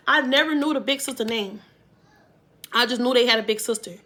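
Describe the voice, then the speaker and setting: A woman vlogger telling a storytime to her viewers in a casual, animated way, with emphatic loud bursts. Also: high-pitched, quick pace.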